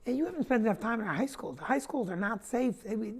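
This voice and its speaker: A man hosting a comedy talk show, ranting with animated indignation and quick asides. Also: sits high, breathy edge. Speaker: comedian host.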